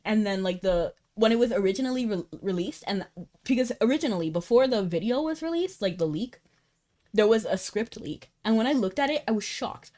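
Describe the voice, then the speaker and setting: A woman's voice: mid-range voice, lively intonation, fairly quick, dark tone. A young woman streaming a game, chatting casually and animatedly, breaking into laughter and incredulous outbursts. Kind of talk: casual livestream chat while gaming.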